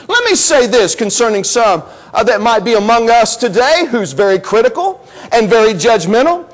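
Guy preaching in church, really high voice, swoops up and down, lots of emphatic repeats. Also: big pitch swings, normal speed, a bit bright, low-quality recording. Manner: emphatic preaching with repetitions and rising exclamations. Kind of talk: sermon. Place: church service.

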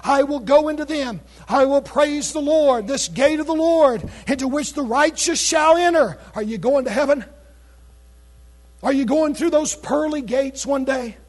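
A man with a very high voice preaches a sermon at a slightly slow pace, reading scripture aloud in King James wording. He shouts exclamations out to his congregation even as his voice gives out.

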